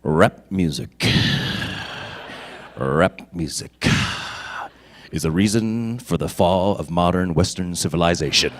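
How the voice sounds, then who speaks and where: A man's voice: low voice, voice pushed down. A man doing a grave, stern colleague. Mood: solemn. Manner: slow, grave, flat delivery. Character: stern humorless adult male colleague.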